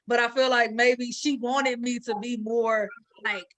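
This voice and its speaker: Woman panelist, bright high voice, candid, swears freely, laid-back chat. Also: fairly even intonation, a little slow. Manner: candid, profane, reflective about her relationships. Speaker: podcast co-host. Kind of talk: casual chat.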